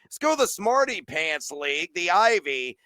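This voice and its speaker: An energetic man hosting a sports betting podcast, piling stats on stats at a quick clip and a little out of breath. His voice is bright and crisp, slightly higher than most men's, and sits in a dry, close room. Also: no room sound. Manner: fast, energetic, stat-heavy. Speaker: podcast host.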